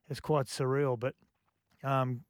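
Man, radio guest, reflective, stop-start delivery, mid pitch, dry sound. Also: level tone, clean tone, dry recording. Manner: halting, reflective, many restarts. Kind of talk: casual radio chat.

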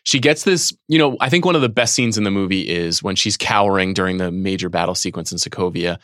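A man co-hosting a podcast, talking through a film at length in a relaxed, analytical way. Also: low-pitched, fast, no echo, clean studio sound. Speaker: podcast co-host. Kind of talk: casual film discussion.

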